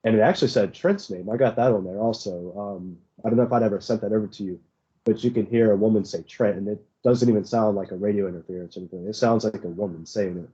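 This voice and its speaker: A man co-hosting a podcast, telling a story in a relaxed, unhurried way with fillers. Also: fairly low pitch. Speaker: podcast co-host. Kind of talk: casual chat. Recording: muffled lo-fi recording.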